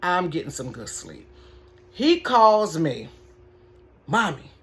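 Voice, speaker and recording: Middle-aged woman, store manager, casual vlog storyteller. Low-set voice with a very lively swing, chatty with viewers. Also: slow pace. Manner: animated, chatty, talks straight to viewers with "y'all" and "honey". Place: bedroom.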